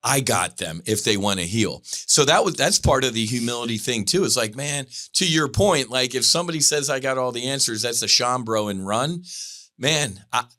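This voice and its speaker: Bright-voiced man hosting a podcast. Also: mid-range voice, moderate pace. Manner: earnest, colloquial, says "man" often. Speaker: podcast host. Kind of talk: casual conversation.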